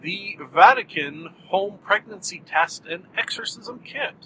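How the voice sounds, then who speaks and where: A man hosting a solo podcast, talking in a wry, deadpan, self-mocking way with jumpy, animated delivery. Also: sits high, measured pace, vocal fry, slight background noise, poor audio. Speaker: podcast host.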